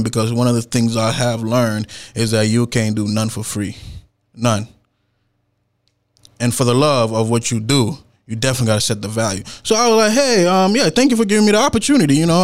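Slangy man telling a story, mid pitch. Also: clean tone. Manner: slangy, animated retelling with laughs and acted-out quotes. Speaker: performance poet. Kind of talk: casual spoken storytelling.

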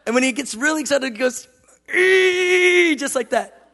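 A man in his thirties preaching a sermon, moving between loud passionate declarations and soft, tender storytelling. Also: extremely high pitch, fast, gravelly. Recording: long hall reverb.

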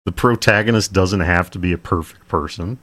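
Brief: very low-pitched male podcast co-host, loose rambling delivery, laughs often. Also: a little fast, a bit bright, breathy edge. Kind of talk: casual chat.

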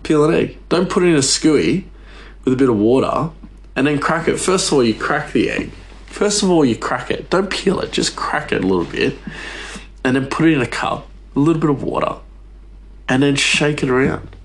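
A man's voice: medium pitch, lively intonation, fairly quick. A man hosting a podcast, ranting casually in a rambling, exasperated way, his voice jumping up for emphasis. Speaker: podcast host. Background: faint music.

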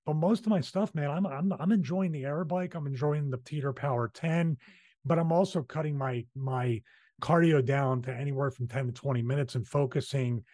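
A man's voice: fairly high pitch, moderate pace, dark tone, no echo. Man, Philadelphia accent, podcast host, chatty, rambling, dry close sound. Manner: chatty, rambling, restarts his sentences. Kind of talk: casual podcast chat.

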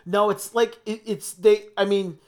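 His voice sits high, with a steady tone, measured pace, and a slightly mellow quality. He's a young man from New Jersey co-hosting a podcast, chatting casually and rambling through fillers and restarts.

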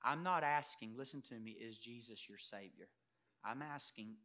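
A man preaching a sermon as pastor, emphatic, swinging from loud declarations to quiet earnest asides and putting questions straight to the congregation. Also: mid-range voice, moderate pace. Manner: addresses congregation directly with rhetorical questions.

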